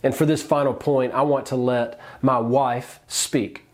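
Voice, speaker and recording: A man's voice: medium pitch, steady tone, a little slow. Earnest male pastor preaching. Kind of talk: sermon.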